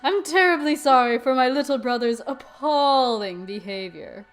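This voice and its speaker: A woman's voice: sits high, normal speed, lightly acted. A woman voicing a proper, apologetic young princess in a let's play of a visual novel, with formal, polite speech.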